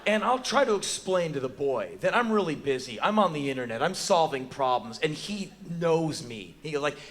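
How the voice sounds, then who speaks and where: An American man in his forties telling a profane, animated story as live spoken word on a theater stage, bursting into shouts now and then. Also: medium pitch, normal speed, slight background noise. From United States. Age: 40s.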